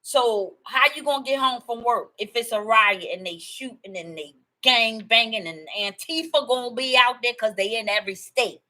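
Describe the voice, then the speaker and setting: A woman in a casual, rambling monologue to her viewers, animated and emphatic, often repeating herself. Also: a little high, moderate pace, hardly any pauses, poor audio. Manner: animated and excitable, laughing and emphatic; rambling storytelling with repetition. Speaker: video host.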